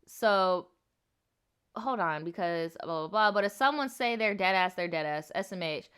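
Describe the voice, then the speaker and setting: A woman hosts a casual livestream, reading out viewer stories and riffing on them. She talks in a sassy, profane way full of slang, and her voice has a bright, forward edge. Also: fairly low pitch, moderate pace, smooth. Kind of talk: casual livestream storytime chat.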